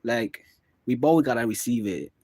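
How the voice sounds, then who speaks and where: A man's voice: medium pitch, expressive, moderate pace, warm tone, no echo. A young man vlogging in a casual confessional monologue, rambling and musing, with constant fillers. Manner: rambling, musing, full of "like" and "bro".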